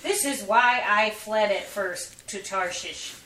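A woman in a study group reading scripture aloud in a slow, careful, measured way. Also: mid-range voice, bright, forceful tone, slight background noise. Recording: roomy, distant room mic with faint ambience.

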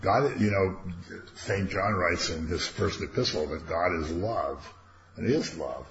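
Older man, very low voice, casual Bible study teacher, dull lo-fi recording, faint hiss. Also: a little slow, echoey room. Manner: conversational, animated when quoting God.

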